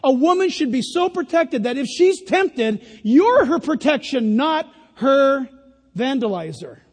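Older male preacher, high-pitched, emphatic, jokey asides; sermon in a reverberant church hall. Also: sing-song, a little slow, a little mellow. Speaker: pastor. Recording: long reverb of a large hall.

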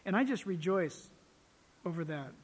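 A male pastor preaching a sermon in a lively storytelling manner, acting out the people he quotes. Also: high voice, normal speed. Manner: animated storytelling, acts out quoted voices. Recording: long hall reverb.

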